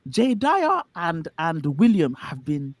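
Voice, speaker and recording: A man's voice: a little high, slow, dry recording. A man from Nigeria, chatting casually on a stream, telling stories with lots of laughs and a lot of "bro". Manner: animated storytelling, laughs often, says bro a lot. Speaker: stream co-host. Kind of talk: casual chat.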